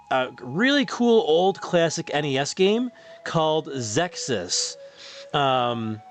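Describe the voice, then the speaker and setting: A man hosting a live game stream, casually chatting and reading viewer comments aloud, laughing often and stumbling over his words, his voice getting a bit hoarse. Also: fairly high pitch. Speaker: streamer host reading chat.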